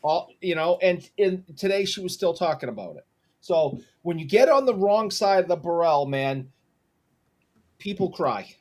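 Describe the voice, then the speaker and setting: A male podcast co-host tells an animated story, piling on exaggerated apologies. His voice is on the higher side for a man. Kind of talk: casual podcast chat.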